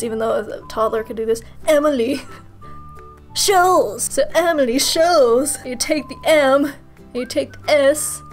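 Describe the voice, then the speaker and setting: High-pitched woman, giggly and self-mocking, rambling Q&A vlog chat, faint music behind. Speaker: YouTuber answering viewer questions.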